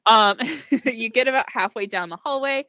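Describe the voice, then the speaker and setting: A woman's voice: fairly high pitch, moderate pace, pushed and bright, no echo, dull audio. A young woman narrating as game master in a chatty, giggly way with many fillers.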